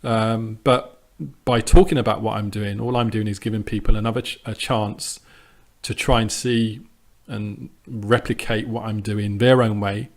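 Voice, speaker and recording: A man with a fairly low voice talks through his trading project in a loose, unscripted way. He hesitates a lot, circles back on his words, and sounds defiant and dismissive of doubters. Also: level tone, moderate pace. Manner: conversational with frequent ums and restarts. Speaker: sports trader vlogger. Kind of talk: casual monologue to camera.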